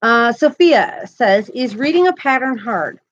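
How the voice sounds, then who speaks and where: A woman's voice: on the high side, expressive, measured pace, highs cut off, a little hiss or hum. A woman hosting a crochet live stream, chatting casually and upbeat, often laughing as she talks. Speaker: crochet channel host.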